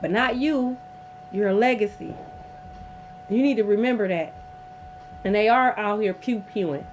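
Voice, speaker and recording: A woman's voice: medium pitch, normal speed, long pauses. A woman giving a casual tarot reading to camera, emphatic and blunt, swearing freely and repeating lines for effect. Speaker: tarot reader. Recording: dull lo-fi audio with hum.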